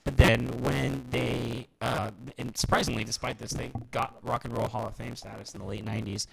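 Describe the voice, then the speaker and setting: Gravelly guy cohosting a music podcast, lots of ums, loud hiss and clicks on the audio. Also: medium pitch, little pitch movement, normal speed. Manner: reads through a countdown list with fillers and laughs. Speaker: podcast co-host. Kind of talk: casual chat. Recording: noisy amateur recording with clicks.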